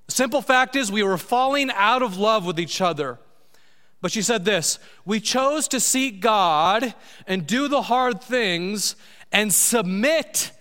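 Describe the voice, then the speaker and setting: A man preaching a sermon as pastor, slowing down to stress key words. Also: high voice, sharp tone, in a large hall. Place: church sanctuary.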